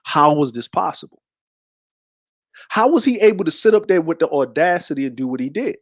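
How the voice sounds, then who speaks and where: A man's voice: high-pitched, very animated, quick pace, no echo, clean studio sound. A man hosting a show, talking to his audience in a slangy, rambling way. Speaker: host. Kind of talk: casual commentary.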